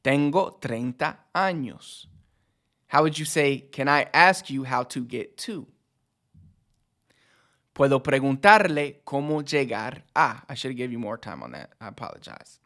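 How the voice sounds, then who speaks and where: A man teaching a language lesson in a relaxed, casual way, explaining phrases with loose everyday fillers. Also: mid-range voice, measured pace.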